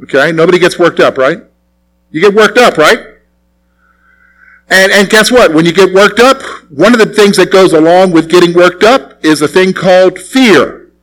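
A man's voice: high voice, normal speed, fairly bright tone, poor audio. A male pastor preaching a conversational sermon, often asking the congregation questions.

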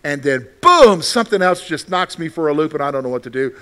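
Animated high-voiced male preacher. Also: quick pace. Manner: animated, swings from loud outbursts to soft quiet lines. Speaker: pastor. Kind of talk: sermon.

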